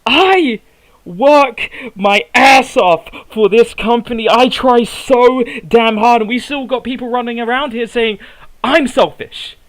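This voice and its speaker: A man's voice: very high-pitched, fairly bright tone, low-quality recording. A man giving a heated wrestling promo, ranting furiously and swearing heavily. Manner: halting and stumbling at the start.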